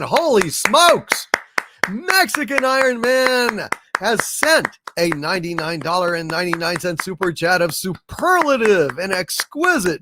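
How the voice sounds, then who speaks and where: A man with a high, sharp voice hosts a casual live stream, reading viewer messages and effusively thanking donors with grand hails and little hummed fanfares. There's a slight hiss or hum on the audio.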